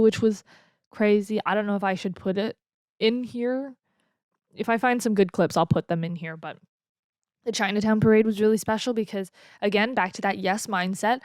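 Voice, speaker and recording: A young woman in her twenties tells a story into a desk mic at home, chatty and giggly, with plenty of ums and uhs. Her voice sits at a middling pitch. The sound is dry and close. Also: darkish tone, smooth, no room sound. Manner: chatty and giggly, with lots of fillers. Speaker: vlogger. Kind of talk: casual storytelling.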